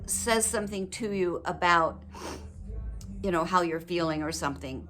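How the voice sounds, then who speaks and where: An older woman talking to her viewers in a personal, heartfelt vlog, reflective, gentle and earnest, with emotion close to the surface. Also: fairly low pitch, moderate pace. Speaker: widow sharing advice with her viewers.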